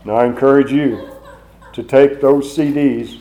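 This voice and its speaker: A man's voice: medium pitch, fairly even intonation, a little slow, dull audio. A man preaching a sermon in an earnest way, repeating phrases for emphasis. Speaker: chaplain preacher.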